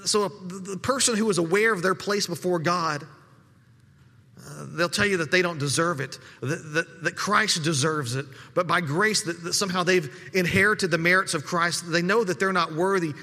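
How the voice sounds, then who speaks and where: Pastor, male, high and bright voice, talks through his sermon casually with stuttered restarts, hall reverb. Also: moderate pace. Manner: conversational preaching with frequent repeated words.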